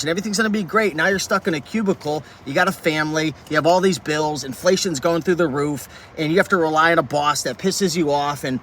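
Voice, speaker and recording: Guy venting in his car, high voice, bright and tense, says like a lot. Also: slight background noise. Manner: fired-up, passionate rant with many "like"s. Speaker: reselling YouTuber. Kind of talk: ranting vlog to camera. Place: inside a vehicle.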